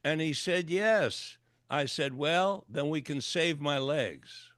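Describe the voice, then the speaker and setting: An older man tells a long personal story as a radio guest, throwing himself into each quoted line. His voice sits a little high for a man. The sound is dry and close, with no room around it. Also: expressive, takes it slowly, fairly bright tone, no echo. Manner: vivid storyteller acting out dialogue. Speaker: guest, clinical psychologist and author. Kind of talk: storytelling interview. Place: radio interview.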